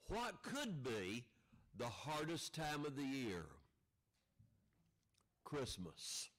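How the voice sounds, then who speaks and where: A man in his seventies telling a folksy childhood story, unhurried and drawn out, asking the audience rhetorical questions. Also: on the high side, fairly bright tone, rough recording. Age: 70s.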